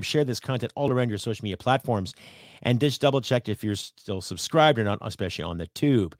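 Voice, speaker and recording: Middle-aged Canadian podcast host, blunt and profane, dry close recording. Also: male voice, lowish voice, a little mellow, no room sound. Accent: Canadian English. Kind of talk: opinionated solo podcast monologue.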